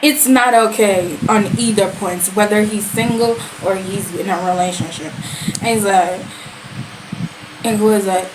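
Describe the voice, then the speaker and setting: A woman giving a casual, animated and sassy review of a series, full of slang and quoted reactions. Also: mid-range voice, normal speed, background noise.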